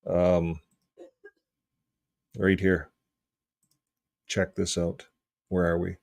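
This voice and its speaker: Lowish, slightly hoarse man chatting casually. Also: monotone, very slow, darkish tone, dry recording. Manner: rambling, joking, often clears throat. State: voice getting hoarse. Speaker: video host. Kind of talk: casual commentary reading from a book.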